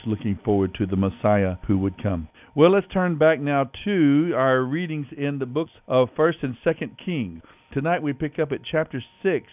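Man teaching Bible on thin radio. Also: medium pitch. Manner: measured, explanatory, reads scripture aloud. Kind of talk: Bible reading and teaching broadcast. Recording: dry, phone-like narrow radio sound with faint music.

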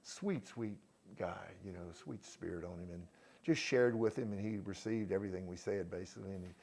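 Fervent low-voiced pastor praying. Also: male voice, gravelly, a little mellow, husky. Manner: fervent, repeats praise words, halting restarts. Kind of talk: prayer and church testimony.

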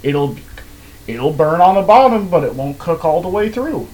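A man's voice: a little high, very animated, moderate pace, darkish tone, poor audio. A man co-hosting a podcast, chatting casually with short, laid-back replies. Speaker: podcast co-host. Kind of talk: casual chat.

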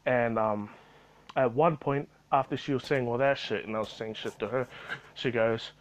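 A man's voice: mid-range voice, normal speed, poor audio. Rambling, cursing man telling a story. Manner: rambling, full of fillers and swearing. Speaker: retail worker telling a story.

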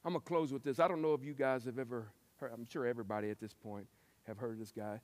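A man preaching a sermon, telling stories and acting out quotes with lively shifts. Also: medium pitch, fast talker. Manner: lively storytelling with acted-out quotes. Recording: long hall reverb.

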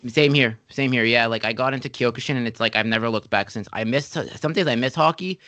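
A male podcast host tells stories in a lively, animated way, slipping into the voices of the people he quotes. His voice is mid-pitched and sounds dry and close. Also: fast talker, dry recording, lo-fi sound. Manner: animated storyteller, acts out quotes. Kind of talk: casual interview chat.

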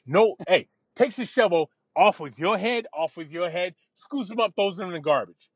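High husky dude telling a story, swears a lot, pitch all over the place. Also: male voice, moderate pace, dry recording. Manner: profane, animated storytelling. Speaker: storyteller in a podcast chat. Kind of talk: casual chat.

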